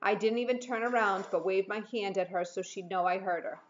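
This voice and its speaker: A woman teacher reading a novel aloud in a steady storytelling manner. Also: medium pitch, a little fast, a little hiss or hum. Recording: dull muffled recording.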